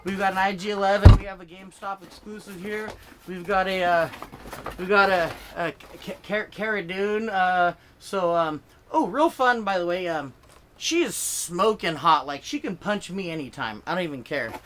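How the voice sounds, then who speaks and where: A man's voice: sits high, moderate pace, a little hiss or hum. A male comedian filming himself as he rants, swearing freely and getting worked up. His talk rambles, restarts and is full of fillers as he riffs for laughs. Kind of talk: profane comedic political rant to camera. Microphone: filming himself on camera.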